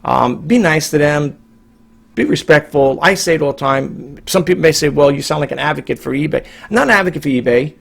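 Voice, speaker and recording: This time the New York reseller vlogger, middle-aged, comes across gravelly and on the high side, talking a little fast. His casual to-camera monologue rambles emphatically, with repeated phrases and sentences begun again.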